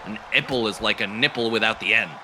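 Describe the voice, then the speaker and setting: A man's voice: lowish voice, fast talker, background noise. A man doing goofy play-by-play wrestling commentary, cracking silly jokes between calls. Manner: goofy, silly jokes, bursts into excited shouting.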